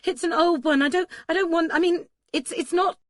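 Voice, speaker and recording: A woman voicing a flustered young woman disguised as a boy, protesting in shrill, panicky bursts. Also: very animated, normal speed, fairly bright tone, no room sound, clean studio sound. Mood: panicked.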